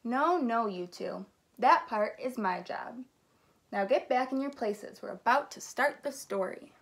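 A cheerful storybook guide chats straight to the listener, as a woman reading aloud puts him on. The voice sits a touch high and stays friendly and easygoing. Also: expressive, measured pace, creaky, a bit bright, heavily acted. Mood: chatty.

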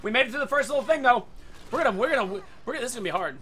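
A man hosting his own gaming channel, giving live commentary over a match and breaking into loud excited outbursts. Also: very high voice, racing, a little hiss or hum. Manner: excitable, loud outbursts and yelling at other players. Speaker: gaming video host. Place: home room.

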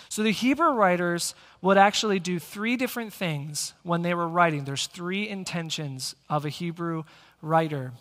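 A male pastor preaching a sermon, energetic and speaking directly to the congregation in a church sanctuary. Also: high-pitched. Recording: long church hall reverb.

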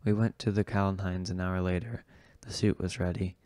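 A man reading a novel aloud in the first person, with steady, understated narration. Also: deep voice, a little fast, dry recording. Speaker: audiobook reader.

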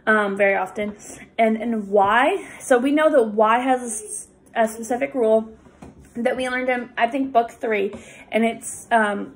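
Patient tutor woman, slow explaining. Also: a little high. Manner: patient, explains slowly with many fillers. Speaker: reading tutor. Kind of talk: recorded lesson for students.

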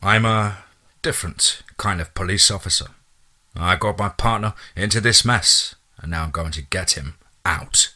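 A man narrating a first-person horror story in a casual, profane way, with a husky voice. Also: sits low, moderate pace, bright, forceful tone.

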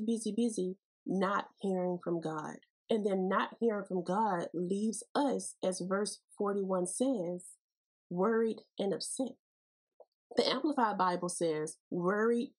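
Woman podcast host, Bible teaching, folksy and playful, breathy tone. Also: medium pitch, darkish tone, poor audio.

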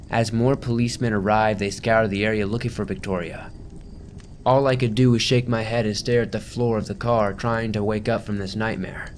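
A man narrating a first-person horror story in a tense, dramatic delivery, dropping to a hush at times. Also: fairly low pitch, a little hiss or hum.

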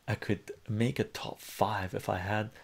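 A man's voice: fairly low pitch, steady tone, measured pace, gravelly, breathy edge. A man hosting a live stream, chatting casually, reading chat messages aloud and rambling with many restarts. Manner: rambling and conversational, many fillers and restarts, reads lyrics aloud.

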